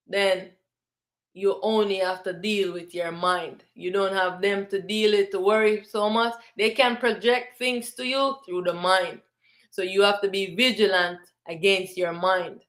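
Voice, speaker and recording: Slow, emphatic woman preaching. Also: medium pitch, a bit bright. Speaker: spiritual teacher. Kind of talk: spiritual sermon to the camera.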